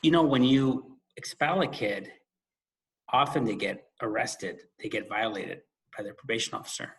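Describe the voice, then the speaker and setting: A man co-hosts a casual podcast and tells a story from his school days. He talks in a loose, conversational way, with quick asides and laughs at himself. His voice sits in an ordinary middle range. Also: medium pitch. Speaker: podcast co-host and former school administrator.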